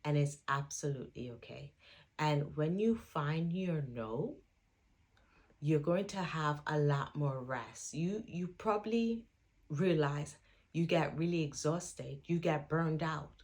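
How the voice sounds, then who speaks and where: Low, slow-spoken woman giving earnest affirmations. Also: a little mellow. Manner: earnest, reassuring, repeats affirmations. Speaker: trainee psychotherapist. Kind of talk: motivational self-help talk to viewers.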